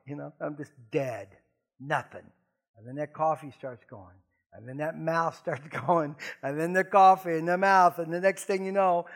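Middle-aged pastor guy, jokey folksy sermon, kinda high gravelly voice. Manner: folksy, joking, animated asides. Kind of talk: conversational sermon.

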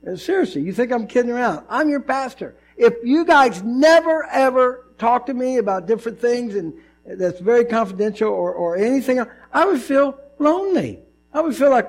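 A male pastor giving a conversational, animated sermon, often acting out voices in his stories. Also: high-pitched, normal speed.

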